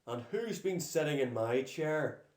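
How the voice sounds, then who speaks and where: A man voicing a big gruff father bear who growls his lines in a storybook reading. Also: a little high, expressive, measured pace. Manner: growling, roaring. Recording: echoey room.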